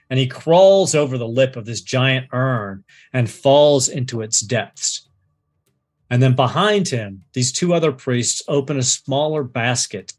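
A man with a husky, mid-pitched voice runs a tabletop game as game master. He narrates in halting bursts, with frequent fillers and restarts. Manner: hesitant, many fillers and restarts.

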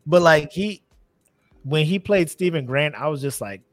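A man hosting a podcast, chatting casually with friends in animated, slangy banter. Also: on the high side, normal speed, no room sound. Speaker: podcast host. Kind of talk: casual chat.

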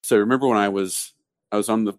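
A man co-hosting a business podcast, explaining ideas through steady, conversational storytelling. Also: on the low side, fast talker, no echo, studio quality. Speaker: podcast co-host. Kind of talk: casual business discussion.

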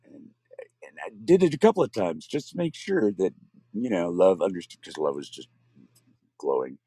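Man, personal storytelling, acts out quoted voices, lively pitch, dry close sound. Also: moderate pace, no room sound.

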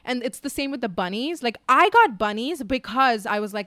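A woman's voice: fairly high pitch, animated, a little fast, hardly any pauses, bright, forceful tone, dry recording. A woman in her twenties chatting casually, full of fillers and the odd swear. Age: 20s. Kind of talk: casual chat.

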